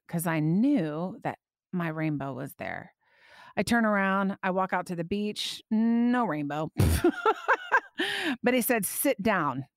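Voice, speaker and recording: A woman hosting a faith podcast, telling a personal story with animated, emotional delivery that climbs high when she quotes her prayers. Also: no room sound, studio quality. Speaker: podcast host.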